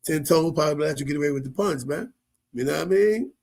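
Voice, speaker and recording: A man's voice: on the high side, fast talker, creaky, darkish tone. A man giving casual, slangy commentary as a show host, often laughing and asking "you know what I mean". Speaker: show host reacting to viral clips.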